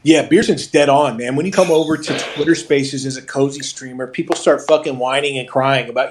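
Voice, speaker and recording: A man in a live audio chat, talking in an animated, mocking way with plenty of swearing. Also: medium pitch, a little fast, few pauses, slight background noise. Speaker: participant in an audio chat room.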